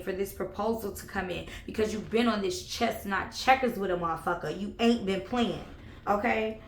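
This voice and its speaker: A woman's voice: medium pitch, a bit bright, echoey room, slight background noise. A woman giving a sassy, sarcastic tarot reading, swearing and laughing as she talks. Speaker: tarot reader.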